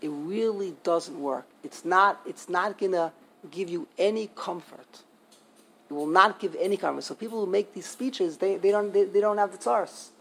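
Here the same kind of informal Torah class comes from an older male teacher whose high, slightly bright voice carries vocal fry at a moderate pace. Indignant and emphatic, he says things more than once to drive them home, and the audio is rough.

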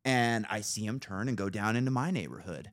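A man's voice: on the low side, fairly quick. A man hosting a casual podcast, telling a story with plenty of swearing and acting out his own reactions. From Idaho. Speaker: podcast host.

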